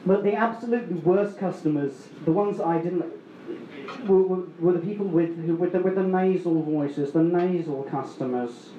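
A man's voice: sits high, normal speed, mellow, reverberant, dull audio, a little hiss or hum. A man telling a story on stage at a story slam, rambling and self-mocking with many restarts. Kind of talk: live storytelling.

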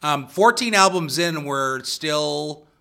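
Man, band guest, rambling casual chat, very bright tone. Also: on the high side, expressive, slow, gravelly, clear, resonant tone.

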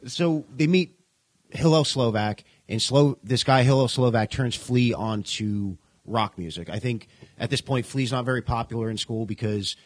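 A man with a husky, slightly rough voice talks loosely on a podcast. He rambles, laughs a lot and swears without a care. The sound is close and dry, with no room echo. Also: medium pitch, moderate pace. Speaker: podcast co-host. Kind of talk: casual chat. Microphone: podcast mic.

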